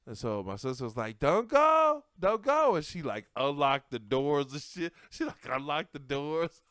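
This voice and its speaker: A man telling a comic story from his childhood, animated and profane, laughing through it and swinging between loud bursts and hushed asides. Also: medium pitch, moderate pace, no echo. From Detroit area. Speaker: comedian podcast host.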